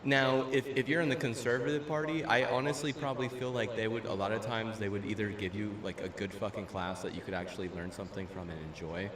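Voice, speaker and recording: A man's voice: on the low side, steady tone, fast, hardly any pauses. A young man ranting casually and profanely while streaming a game, full of fillers and restarts. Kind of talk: casual rant while gaming. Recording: roomy, distant mic with faint room noise.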